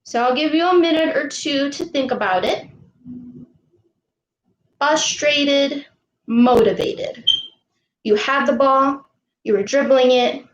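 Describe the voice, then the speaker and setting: A woman coach teaching a live online lesson to girls, patient and encouraging, repeating each question slowly for the kids. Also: sits high, reverberant, rough recording. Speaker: youth sports coach.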